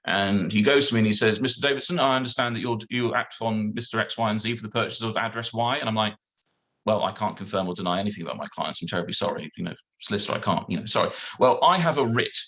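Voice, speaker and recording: A man, a solicitor, telling a lively anecdote on a video call and acting out the other people in it. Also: fairly low pitch, fast talker. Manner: animated storyteller acting out dialogue. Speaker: guest solicitor.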